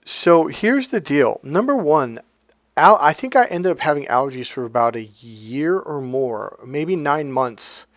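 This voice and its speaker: A man's voice: a little high, expressive, a little slow, dry recording. Rambling, blunt-talking man, dry sound. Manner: rambling, blunt, swears casually. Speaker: life coach. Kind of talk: casual storytelling monologue.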